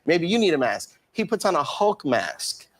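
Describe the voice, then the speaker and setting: A man's voice: on the high side, sing-song, moderate pace, fairly bright tone. A man telling a long, funny anecdote as a talk show guest, laughing often and acting out the voices of the people in it. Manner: laughing storyteller, acts out voices.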